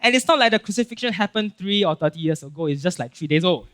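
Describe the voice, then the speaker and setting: Man, Singaporean English accent, high voice, animated casual sermon, lots of "right?" and "okay?". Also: quick pace. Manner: animated, acts out Bible scenes with voices; casual filler-heavy talk with frequent "right?" and "okay?". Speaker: pastor.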